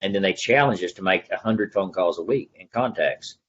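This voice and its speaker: A middle-aged man with an East Texas drawl and a husky, fairly low voice tells a story in a folksy, earnest way, slipping into the voices of people he remembers. He is a real estate agent in a casual interview. The recording sounds dull and lo-fi. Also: a little fast. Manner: folksy, earnest storyteller who acts out the dialogue he recalls.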